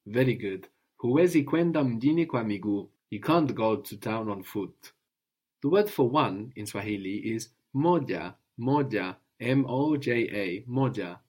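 A man's voice: lowish voice, expressive, unhurried, a little mellow, slightly rough. Patient male tutor running a guided lesson, prompts and recaps, frequent "no?" check-ins. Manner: patient, often ends with a questioning "no?". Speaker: language teacher.

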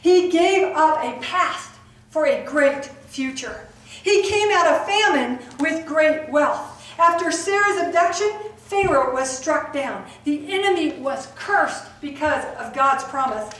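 A woman preaching a lively sermon to a women's gathering, acting out the voices in the stories she tells. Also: high voice, takes it slowly. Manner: animated, acts out voices in her retelling. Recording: echoey hall recorded from far off.

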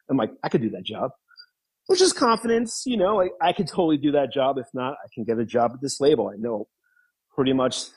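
A man in his thirties, a guest in an interview, telling stories casually, laughing often and acting out quotes in a higher voice. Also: darkish tone, husky, low-quality recording. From New York. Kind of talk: casual storytelling.

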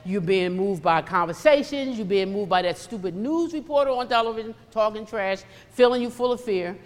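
A woman's voice: medium pitch, lively intonation, normal speed. Emphatic woman preaching in a reverberant hall. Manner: emphatic, repetitive, acts out quoted voices. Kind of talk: sermon.

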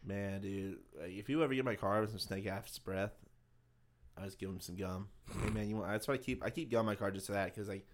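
A man's voice: on the low side, quick pace. A young man co-hosting a podcast, chatting casually in slangy, profane speech that gets riled up easily. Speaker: podcast co-host. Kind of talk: casual chat.

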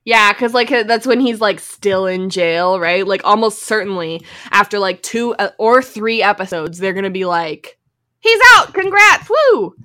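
Bright-voiced young woman podcast host. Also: mid-range voice, normal speed, hardly any pauses. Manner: easygoing, with frequent affirmations. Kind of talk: casual chat.

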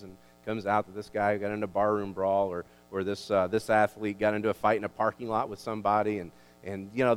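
A man preaching a sermon as a pastor, emphatic and animated, often restarting his words. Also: mid-range voice, clean tone. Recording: long hall reverb.

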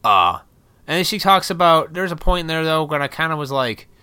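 A man's voice: fairly high pitch, lively intonation, fairly quick, pushed and bright, smooth. A man venting his opinions in a blunt, profane, rambling vlog rant. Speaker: vlogger.

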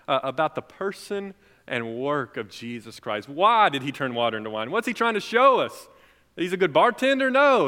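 A young adult man preaching a sermon as pastor, swinging between loud, emphatic lines and soft, quiet ones. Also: fairly high pitch. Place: church sanctuary. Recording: long reverb of a large hall.

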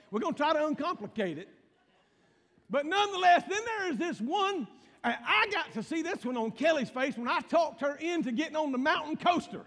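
Preacher man, real high voice, folksy jokey sermon, big echoey church hall. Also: expressive, brisk, a bit bright. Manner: folksy storytelling with call-outs to the congregation. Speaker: pastor. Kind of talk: humorous sermon.

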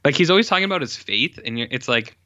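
A man in casual podcast chat reviewing a film, rambling along with many fillers and quick self-corrections. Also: mid-range voice, animated, bright, forceful tone, no room sound, lo-fi sound. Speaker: podcast co-host reviewing films.

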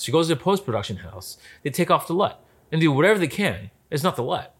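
A man in a casual conversation about film lighting. He tells stories in an animated way, acts out what people said, and often restarts his sentences. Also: fairly high pitch, fast, husky. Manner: animated storyteller, acts out quotes, many restarts. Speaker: lighting specialist guest.

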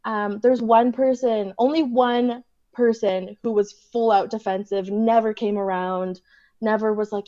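A woman from Canada tells her story as a podcast guest, animated, with frequent laughter and lots of "like." Her voice sits fairly high with a warm, mellow tone. The recording sounds dull and muffled. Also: a little slow. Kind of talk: casual storytelling in a podcast interview.

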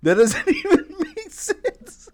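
A man's voice: very high voice, huge pitch swings, takes it slowly, a little mellow, no room sound. Laughing, rambling male podcast host. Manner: rambling storyteller, laughs often, swears freely. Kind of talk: casual chat.

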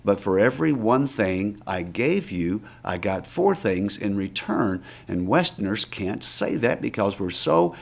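A man tells stories as an interview guest. He recounts events with lively, acted-out quotations of the people he met. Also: fairly low pitch, a little slow, gravelly, hardly any pauses. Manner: animated storyteller, acts out quoted voices. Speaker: missionary guest. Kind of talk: storytelling interview answers.

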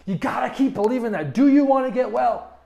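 A man's voice: very high voice, fairly quick, creaky, dark tone, lo-fi sound. A man preaching a sermon with passion, often stammering and restarting his words. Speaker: pastor.

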